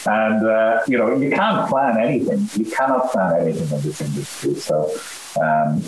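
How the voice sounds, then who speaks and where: A middle-aged Irish man, an actor being interviewed, talking in a halting way with many restarts. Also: fairly low pitch. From Ireland. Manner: halting, full of restarts and fillers. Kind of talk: casual interview chat. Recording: roomy echo with faint hiss.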